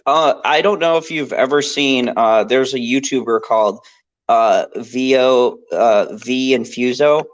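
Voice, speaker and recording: A man's voice: medium pitch, a little slow, no echo, lo-fi sound. A man co-hosting a live pop culture stream, talking casually and ranting with lots of swearing. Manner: animated, profane, ranting.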